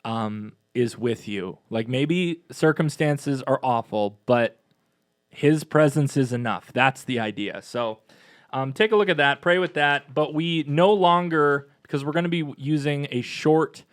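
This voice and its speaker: A man co-hosting a parish podcast in a casual, chatty and upbeat way, with quick asides. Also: mid-range voice, dry recording, clean studio sound. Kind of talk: casual chat.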